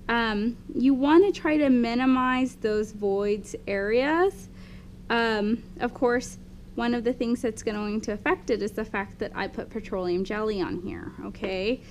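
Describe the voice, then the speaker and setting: Brief: female instructor, slightly high voice, explains lab steps, faint hum behind. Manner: explanatory, often checks in with "okay?". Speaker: dental instructor. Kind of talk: hands-on lab demonstration.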